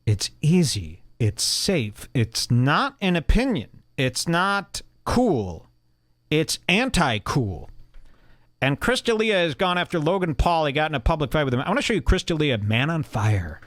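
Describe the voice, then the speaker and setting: Sneering man ranting with lively pitch. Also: a little slow, no room sound, clean studio sound. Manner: sneering, mocking, profane. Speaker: podcast host. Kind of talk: casual ranting commentary.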